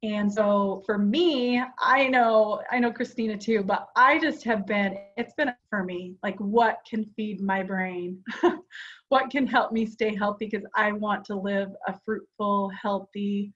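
A woman's voice: medium pitch, steady tone, unhurried. Chatty woman podcaster on a dull recording. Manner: chatty and earnest, with frequent fillers. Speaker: podcast co-host. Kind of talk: casual chat.

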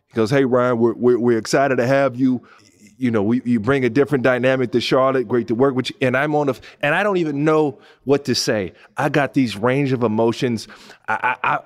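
At a normal speed, a man in his thirties from Southern California tells a personal story as a podcast host in monologue form. Animated and emphatic, his voice lifts high when he's excited and turns soft when he's moved.

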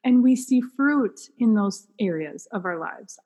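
A woman being interviewed as a guest author on a podcast, answering in a thoughtful, unhurried way with many fillers. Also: medium pitch, lively intonation, dark tone, husky, long reverb tail, poor audio.

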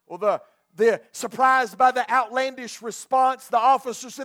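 A man's voice: very high voice, steady tone, moderate pace, a bit bright. A male pastor preaching a sermon, telling a folksy story and often repeating and restarting his words.

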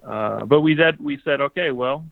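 A man's voice: mid-range voice, moderate pace, creaky, no room sound. A man guest sharing a personal story on a podcast in an earnest, thoughtful way. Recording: dry tinny phone-like sound.

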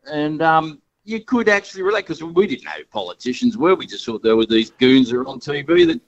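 A man in his fifties with an Australian accent, calling in and telling chatty, animated stories. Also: fairly high pitch, fairly quick, muffled recording. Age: 50s. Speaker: caller. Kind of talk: casual radio chat, storytelling.

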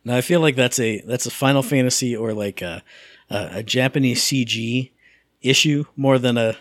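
A man's voice: mid-range voice, moderate pace, fairly bright tone, no room sound, clean studio sound. A middle-aged man co-hosting a casual gaming podcast, rambling and self-amused, often restarting his sentences. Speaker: podcast co-host.

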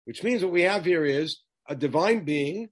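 A man teaching a text study class in a high, husky voice that swoops up and down with lively emphasis. He keeps throwing rhetorical questions at his listeners as he works through the passage. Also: moderate pace. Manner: animated, asks many rhetorical questions.

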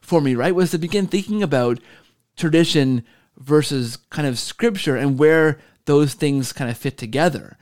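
Animated male podcast host. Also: a little high, normal speed. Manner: animated storyteller, many "right?" tags. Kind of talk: casual podcast conversation.

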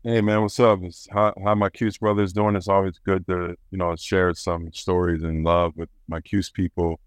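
A man with a very low, smooth voice recounts his playing days in an unhurried, rambling way. He often restarts his sentences and leans on fillers. The sound is close and dry. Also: level tone, no echo. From Rochester, New York. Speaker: former basketball player, guest. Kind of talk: casual interview storytelling.

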